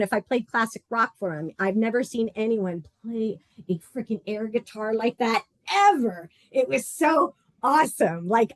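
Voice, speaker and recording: A woman runs a group session in a loose, animated and blunt way, with plenty of laughter. Her voice is dry and close. Her pitch sits in a middle range. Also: no echo. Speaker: support group facilitator. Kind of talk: casual group session talk.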